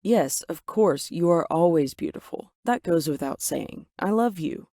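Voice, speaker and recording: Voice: mid-range voice, normal speed, a little mellow, no echo, studio quality, natural voice. Narrator voicing an earnest young husband. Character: gentle earnest young man, new husband.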